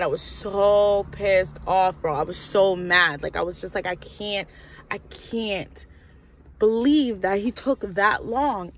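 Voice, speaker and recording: A young woman telling a frustrated, swear-laced storytime in a casual vlog, full of "like" and fillers. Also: a little high. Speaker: vlogger.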